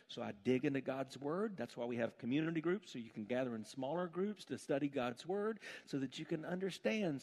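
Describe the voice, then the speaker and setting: A man preaching a sermon to a church gathering, emphatic and building to fervent pleas. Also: medium pitch. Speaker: pastor.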